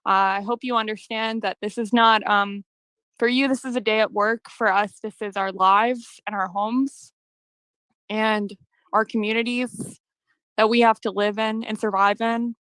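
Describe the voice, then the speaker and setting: A woman giving public comment over a video call, earnest and hesitant, with many pauses and ums. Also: fairly high pitch, steady tone, fairly bright tone, smooth, no echo, poor audio.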